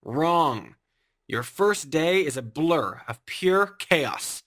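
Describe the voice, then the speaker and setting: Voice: medium pitch, expressive, extremely slow, fairly bright tone. A narrator telling a scripted comic story in a sarcastic, exaggerated way.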